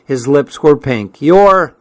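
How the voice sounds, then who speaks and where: A man's voice: medium pitch, unhurried, dry recording. Man reading a storybook aloud. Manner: steady, plain first-person storytelling. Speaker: audiobook narrator.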